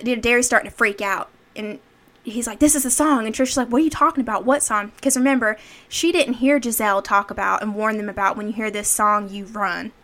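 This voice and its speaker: A woman's voice: medium pitch, bright, forceful tone. A woman co-hosting a podcast, casually retelling a horror movie scene by scene with lots of fillers and quoted lines. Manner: chatty, filler-heavy retelling with acted quotes. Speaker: podcast co-host. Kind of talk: casual movie recap chat.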